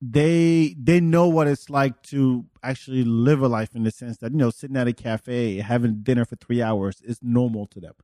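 A man from France with a French accent, hosting a podcast and telling animated stories in casual chat, swearing freely. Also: mid-range voice, moderate pace, few pauses, no echo, studio quality. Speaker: podcast host.

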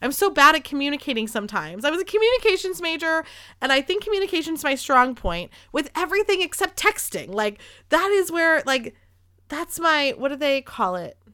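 A woman's voice: high voice, sing-song, fairly quick, pushed and bright, no echo, clean studio sound. A woman in her thirties hosting a podcast, telling a rambling casual story with lots of "like" and free swearing. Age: 30s. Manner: chatty, rambling, swears freely, heavy use of "like". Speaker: podcast host.

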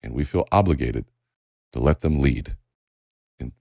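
Middle-aged male leadership speaker, very low voice, lively delivery, dry booth sound. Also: unhurried, gravelly, dry recording. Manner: animated, acts out quoted exchanges. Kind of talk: motivational talk.

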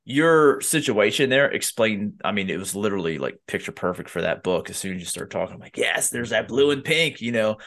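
A man's voice: on the low side, brisk, few pauses. A man hosting a casual podcast conversation, telling stories animatedly and acting out quotes, with many fillers. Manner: animated storytelling, acts out quotes with lots of fillers. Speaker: podcast host.

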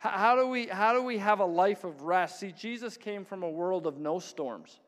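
In a church hall full of long reverb, a high-voiced pastor with a fairly bright tone preaches at a normal speed. His sermon is built on stories, punctuated by frequent chuckles and voices he performs for other characters.

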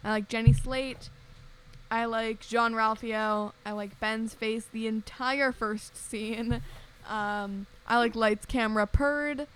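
A woman's voice: fairly high pitch, steady tone, slow pace, fairly bright tone, smooth, poor audio. A woman co-hosting a casual chat over a video call, rambling and laughing often. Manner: rambling, giggly. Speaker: podcast co-host. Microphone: own mic on a video call.

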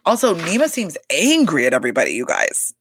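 This woman's voice sits low and sounds slightly rough as she talks briskly into a desk microphone, with no room sound. Hosting a casual podcast about a reality show, she gossips animatedly, swears freely, and fills her talk with "like" and "you guys."

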